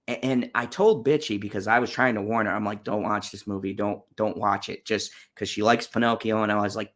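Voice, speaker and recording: A man at an average pitch delivers a casual, ranting movie review. He talks bluntly and swears often, with plenty of fillers and restarts. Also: a bit bright. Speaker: channel host reviewing movies.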